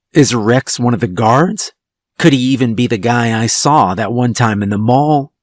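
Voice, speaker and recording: A man narrating a first-person horror story in a slow, tense storytelling manner. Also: medium pitch, dry recording. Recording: dry studio voice-over with soft music.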